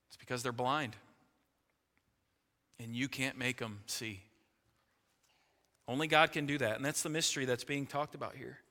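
A man preaching a sermon as pastor, emphatic, swinging from loud peaks to low, quiet asides. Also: long reverb tail.

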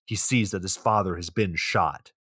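A man's voice: sits low, moderate pace, pushed and bright, slightly rough, no room sound, clean studio sound. A man co-hosting a podcast, recapping a movie with sarcastic, profane play-by-play narration. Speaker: podcast co-host.

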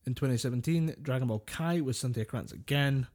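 A man from the UK talks in a mid-pitched, ordinary voice during casual podcast chat. His delivery is dry and sardonic, and he laughs often. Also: a little fast, a little mellow. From United Kingdom. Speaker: podcast co-host.

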